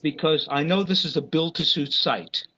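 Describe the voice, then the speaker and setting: A man's voice: a little high, normal speed, noisy background. A man speaking as an RF engineer at a public meeting, impassioned and apologetic, stopping and restarting often. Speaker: RF engineer consultant. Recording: dull lo-fi meeting recording.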